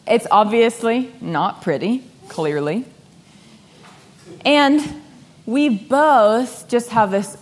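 Young woman, slightly high voice, lively storyteller who voices the people in her story. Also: a little hiss or hum. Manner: animated, laughing, acts out quoted voices. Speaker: speaker sharing a personal story. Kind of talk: storytelling talk.

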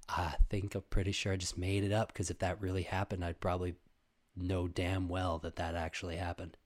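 A young man with a fairly low voice tells a casual story on his podcast and swears freely. He swings from loud, excited bursts down to low, muttered asides. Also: normal speed, pauses often. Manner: profane, animated storytelling with sudden loud bursts and quiet asides. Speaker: podcast host.

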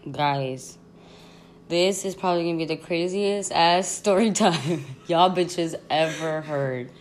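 A woman's voice: fairly low pitch, slow. A young woman hosting a podcast, telling a rambling storytime at home in a casual, slangy way with frequent laughs. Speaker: podcast host. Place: her home.

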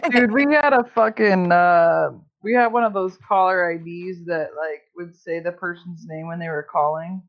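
A woman's voice: lowish voice, normal speed, hardly any pauses. A woman telling stories in a casual chat, swearing constantly and rambling with lots of fillers. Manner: profane, rambling storytelling with many fillers. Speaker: podcast host. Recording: dull lo-fi sound.

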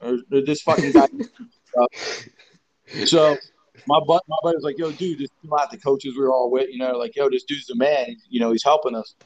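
A man in his forties, a strength coach being interviewed, telling loose, profane stories in a rambling, animated way. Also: medium pitch, moderate pace, lo-fi sound. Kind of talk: casual storytelling interview.

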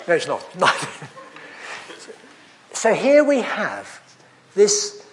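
A man's voice: high voice, huge pitch swings, drawn-out words, fairly bright tone. A man preaching a sermon, telling stories in a chatty, anecdotal way with self-deprecating humour. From England.

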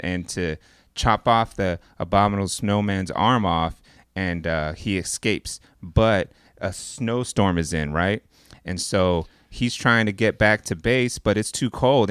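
A man with a lowish, smooth voice retells a movie plot on a casual podcast. He rambles and swears, fills his talk with "like" and "uh", and slips into the characters' lines as he goes. The sound is dry and close. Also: fairly bright tone, no echo. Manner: rambling and profane, heavy on "like" and "uh", acts out characters' lines. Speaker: podcast co-host.

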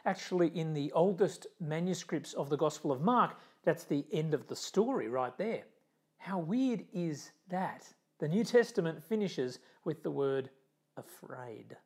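A man preaching a sermon, emphatic and dramatic, dropping to a hush for effect. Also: on the high side, animated, measured pace, slightly rough. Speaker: pastor.

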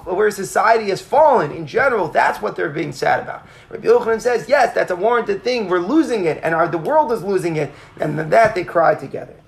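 A man teaching a Talmud class. He reads each Aramaic phrase, explains it in English, and acts out the rabbis' dialogue in a lively way. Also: high-pitched, gravelly. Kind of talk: Talmud class, reading and translating.

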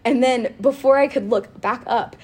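A woman chatting casually about faith and telling a personal story, animated and quick to laugh, with lots of "like". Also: a little high, husky. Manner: animated and giggly, with frequent laughter and filler "like".

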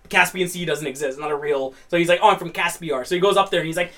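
Young male co-host with a high, bright, forceful voice; casual, profane, animated storyteller on a podcast. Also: very fast. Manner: swearing, animated storyteller who bursts into loud laughs. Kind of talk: casual chat.

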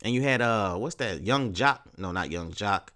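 A man's voice: fairly low pitch, animated, normal speed, sharp tone. A man hosting a casual solo podcast, talking in a profane, rambling, laid-back way full of street slang. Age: 30s. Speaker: podcast host.

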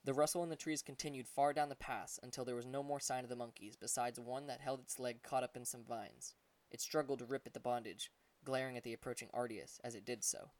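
A man reading an adventure audiobook, telling the story at a steady pace and voicing the characters. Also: mid-range voice, fairly quick, far from the mic. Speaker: audiobook narrator.

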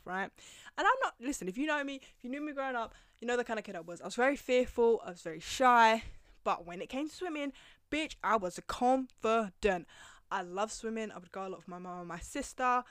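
A woman's voice: a little high, no room sound, studio quality. Foul-mouthed gossipy woman. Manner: profane, gossipy and animated, laughs often. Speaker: podcast host. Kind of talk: casual storytelling monologue.

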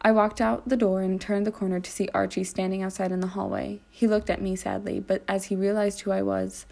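A woman's voice: medium pitch, flat delivery, fairly quick, creaky, a little mellow. A woman reading aloud from a first-person story, with dramatic delivery and small slips and restarts. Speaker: reader of her own story.

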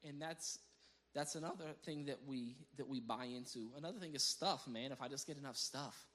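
A mid-range male voice preaches briskly, a pastor giving a sermon in a conversational style. He's a lively storyteller who often bursts out laughing and repeats words as he starts phrases over.

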